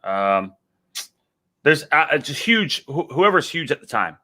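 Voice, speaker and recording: A man's voice: on the high side, big pitch swings, unhurried, bright, forceful tone. A man with a Texan accent chatting casually on a headset, an enthusiastic, drawling storyteller. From Texas. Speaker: guest. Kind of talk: casual chat.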